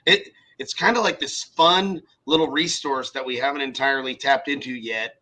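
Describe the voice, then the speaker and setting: A man co-hosting a podcast in casual chat, telling animated stories and swearing freely. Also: mid-range voice, moderate pace, rough recording. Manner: animated storyteller acting out quoted people, swears freely. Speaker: podcast co-host.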